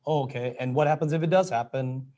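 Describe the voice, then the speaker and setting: Man, rapid conversational delivery. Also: medium pitch, mellow. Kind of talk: casual chat.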